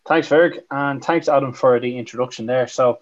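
A man's voice: mid-range voice, moderate pace. A man co-hosting a podcast, easygoing and lighthearted. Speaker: podcast co-host. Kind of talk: casual podcast chat. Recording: dull, lo-fi sound.

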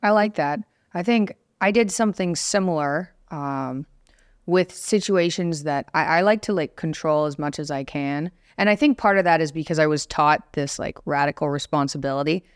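A woman's voice: low voice, moderate pace, clean tone, no room sound, clean studio sound. A woman hosting a podcast who asks curious questions and shares her own reflections in casual chat. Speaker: podcast host.

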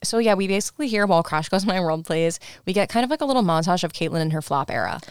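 A woman's voice: on the low side, animated, fast talker, smooth, no echo, clean studio sound. Chatty young woman recapping a movie. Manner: chatty, heavy use of "like", acts out quotes. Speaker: podcast co-host. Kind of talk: casual movie recap chat.

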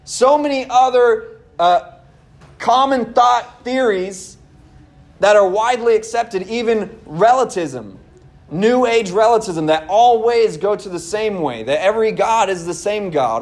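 A high-pitched young man preaching a sermon as pastor of his church. He talks earnestly and conversationally, turning to his listeners with casual asides. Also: lively intonation, normal speed.

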